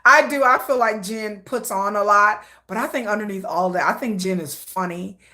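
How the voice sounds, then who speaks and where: Bright, chatty woman livestreamer. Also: mid-range voice, normal speed. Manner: chatty, laughs often, animated asides; slangy, conversational. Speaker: livestream host. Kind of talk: casual livestream chat.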